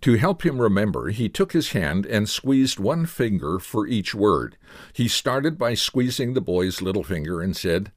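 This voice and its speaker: A man hosting a short devotional radio message, telling a story earnestly and putting gentle questions to the listener. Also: fairly low pitch, big pitch swings, measured pace, no echo, studio quality. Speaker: radio Bible teacher, host.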